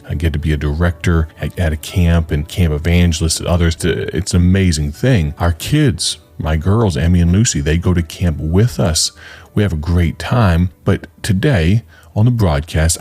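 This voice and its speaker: A man's voice: sits low, a little mellow. A male evangelist hosting a radio ministry broadcast, telling a story in an earnest, conversational way.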